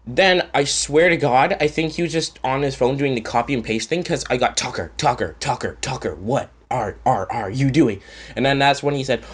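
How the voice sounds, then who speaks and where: A man from Canada telling a story in a casual, rambling rant, swearing often and sarcastic. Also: medium pitch. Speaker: channel host.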